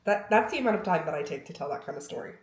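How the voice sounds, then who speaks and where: A woman's voice: sits low, expressive, very fast, noisy background. A young woman chatting to camera in a rambling, self-mocking vlog at home, acting out little bits of dialogue. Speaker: lifestyle vlogger. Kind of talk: rambling casual chat to camera. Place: room of a house. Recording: roomy echo.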